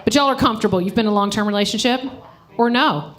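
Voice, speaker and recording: A woman's voice: a little high, fast, a crowd in the background. A woman comedian doing a live stand-up set on a stage mic, brash and profane, teasing people in the audience. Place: live comedy show venue.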